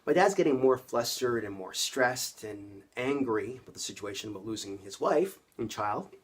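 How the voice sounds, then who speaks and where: Husky-voiced man telling his own story. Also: medium pitch, expressive, moderate pace. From Canada. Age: around 50. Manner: conversational, addresses viewers directly. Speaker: vlogger. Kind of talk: personal storytelling to camera.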